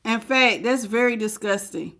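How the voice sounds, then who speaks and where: A woman with a somewhat high voice reads tarot cards live. She chats casually, laughs often and greets viewers by name. She hammers home her points by repeating key phrases. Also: moderate pace, fairly bright tone. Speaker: tarot reader.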